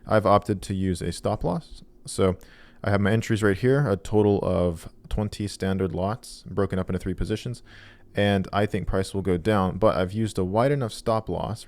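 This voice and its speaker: Deep-voiced American man, plain-spoken. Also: darkish tone. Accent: General American. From United States. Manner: plain-spoken and self-deprecating, with casual fillers. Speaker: trader and video host. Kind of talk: casual screen-share walkthrough.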